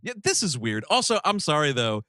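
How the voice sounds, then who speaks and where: A man's voice: a little high, big pitch swings, a little fast, bright, forceful tone, dry recording, clean studio sound. A man co-hosting a comedy podcast, in casual chat, ranting in mock outrage and swearing freely. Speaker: podcast co-host.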